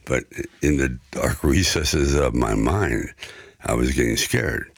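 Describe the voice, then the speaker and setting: A man guest telling stories from his own life in a conversation, animated and acting out the people in them. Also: very deep voice, slow pace, vocal fry. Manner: animated storyteller who acts out the voices in his anecdotes. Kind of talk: storytelling in a conversation.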